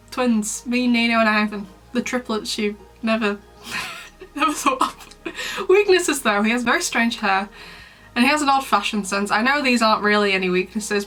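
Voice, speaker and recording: A young woman talks through a casual commentary vlog in a chatty, dramatic, playfully mean way. Her voice is very bright and sits a little high, with faint music playing underneath. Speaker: YouTuber, host.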